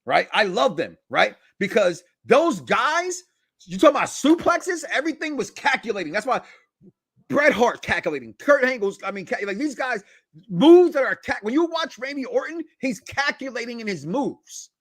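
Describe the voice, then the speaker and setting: A man hosting a wrestling podcast in casual chat, emphatic and counting down his list with dramatic pauses. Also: very high voice, very animated, a bit bright, breathy edge, no room sound. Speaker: podcast host.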